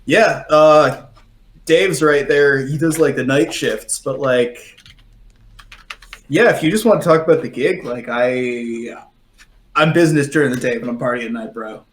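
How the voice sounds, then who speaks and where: A man's voice: medium pitch, measured pace, close to an everyday voice. A man voicing a laid-back male pirate who calls everyone bro, in an echoey room. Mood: chill.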